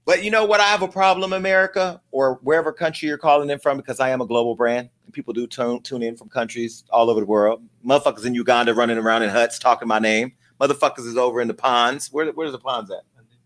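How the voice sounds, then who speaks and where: A man's voice: mid-range voice, steady tone, fast, fairly bright tone. A man hosting his own comedic celebrity gossip show, sassy, profane and theatrical in his delivery. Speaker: host. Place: home studio with lights.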